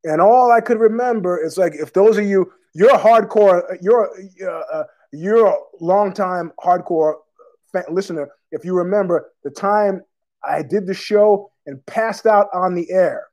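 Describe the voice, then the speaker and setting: A man with a fairly high voice hosts his own podcast and rambles through stories, swearing freely and piling on fillers. He is fighting a cough as he talks. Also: unhurried, darkish tone. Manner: profane, digressive storytelling with many fillers. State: has a cough. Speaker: podcast host. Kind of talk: casual rambling monologue.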